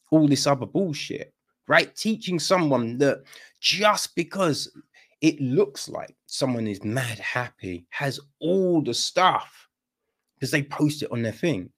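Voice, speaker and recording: Lively, animated man on a podcast. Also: a little high. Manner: animated, profane, acts out little dialogues. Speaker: podcast co-host. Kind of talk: casual opinionated chat.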